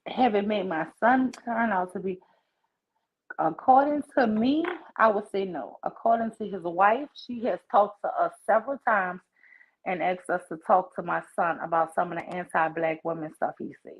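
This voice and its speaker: A woman's voice: mid-range voice, moderate pace. A woman in her forties, a guest on a livestream, telling her story in an outraged, emphatic way over a video call. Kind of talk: candid livestream conversation. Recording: muffled lo-fi stream audio.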